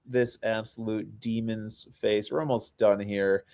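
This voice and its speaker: A male podcast host talking casually with a co-host. He gets heated fast and trips over his words, stammering when his anger builds. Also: on the low side, flat delivery, gravelly, a little mellow. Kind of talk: casual chat.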